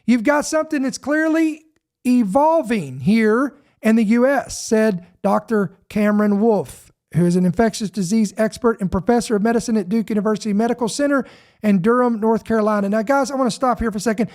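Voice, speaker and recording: A man from Georgia, hosting a podcast and reading news headlines aloud. He talks emphatically, slows down to stress certain words and often repeats himself mid-sentence. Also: sits high, darkish tone. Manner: repeats himself, self-interrupting. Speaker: podcast host.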